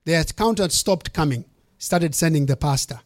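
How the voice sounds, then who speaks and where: A man's voice: on the high side, expressive, normal speed. A man, a bishop, preaching a sermon, telling a story with emphatic, punchy repetition.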